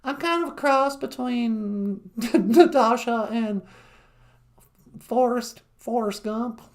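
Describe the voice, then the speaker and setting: A chirpy young woman with a thick Southern US drawl, as a man puts her on. Her voice is pitched well above his own, and she stretches her words out slowly in a sing-song way. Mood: playful.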